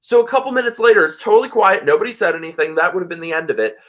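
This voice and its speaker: A man hosting a casual live chat, bright and fairly high-voiced. He tells stories in an animated way and swears freely. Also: racing. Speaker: host.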